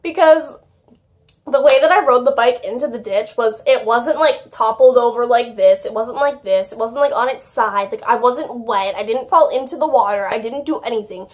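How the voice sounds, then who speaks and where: A woman's voice: a little high, moderate pace. A young woman telling a childhood story in a casual vlog, chatty and giggly, with lots of "like". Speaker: YouTuber.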